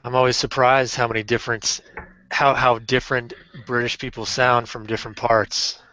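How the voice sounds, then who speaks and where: A man's voice: mid-range voice, little pitch movement, normal speed, bright, forceful tone, dull audio. A man chatting casually in a group call, curious and asking questions. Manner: curious, asks questions, light laughs.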